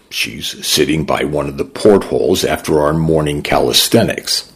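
A man narrating a first-person story in a measured, gentle, reflective way. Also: a bass voice, creaky, husky.

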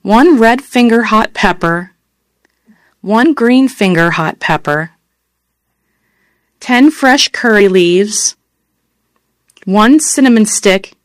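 A woman reading out recipes in a measured, list-like delivery, naming ingredients and steps one after another. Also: a little high, no echo. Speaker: recipe reader. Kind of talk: slow scripted recipe reading.

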